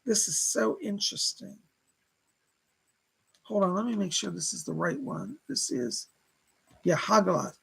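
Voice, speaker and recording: A man's voice: high-pitched, a little slow, creaky, pauses often, sharp tone, slightly rough, rough recording. A man hosting a live stream as a psychic reader, chatting casually, reading out viewer comments and laughing often.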